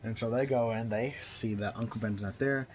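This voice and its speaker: A man's voice: fairly low pitch, steady tone, background noise. A man casually recapping and reviewing a book. He rambles, stalls and restarts, and fills the gaps with "you know". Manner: rambling, halting, full of fillers and restarts.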